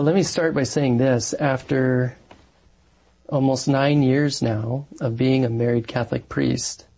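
Gravelly husky-voiced priest, a man. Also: medium pitch, warm tone. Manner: earnest, thoughtful, with frequent fillers and restarts. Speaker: married Catholic parish priest, guest. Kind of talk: conversational interview answers.

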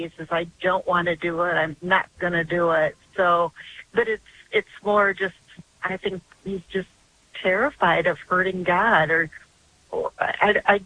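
Older woman calling in, bright-voiced. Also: fairly low pitch, muffled recording, slight background noise. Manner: earnest, chatty storytelling. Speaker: caller. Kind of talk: phone-in call.

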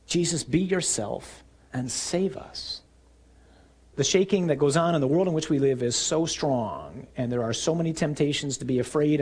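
Guy preaching, kinda high voice, tells it like a story n yells out the quotes. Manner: animated storytelling, acting out scenes with shouted quotes. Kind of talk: sermon.

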